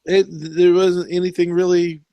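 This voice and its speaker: A man's voice: high-pitched, flat delivery, a little slow, warm tone, no echo. A man hosting a casual podcast chat, rambling and laughing often. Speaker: podcast host.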